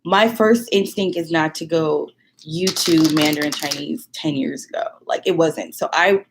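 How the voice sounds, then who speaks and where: A woman vlogger telling a personal story in an animated, casual way, full of fillers and laughs. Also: deep voice, measured pace, background noise. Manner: animated, many fillers, laughs while talking.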